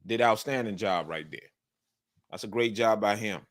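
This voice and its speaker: A man's voice: fairly low pitch, moderate pace. A man breaking down football game film in casual commentary, repeating his points and speaking with an emphatic coaching tone. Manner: repetitive, emphatic, coaching tone, breaks into animated outbursts.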